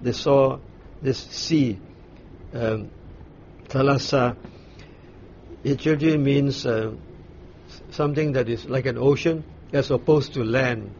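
A man leading a Bible study, explaining scripture in an unhurried way, pausing and restarting as he searches for words. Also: medium pitch, darkish tone. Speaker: Bible teacher. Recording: dull lo-fi recording with faint noise.

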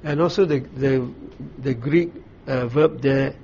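Man teaching a measured Bible study. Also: mid-range voice, vocal fry, dark tone. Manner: measured, explanatory, with frequent ums and restarts. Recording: slightly dull recording with faint ambient noise.

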